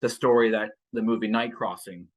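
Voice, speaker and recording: Co-hosting a book podcast, a man chats casually in a fairly low, fairly even voice at a slightly quick pace. He chuckles a lot and keeps breaking off to restart sentences, with plenty of fillers.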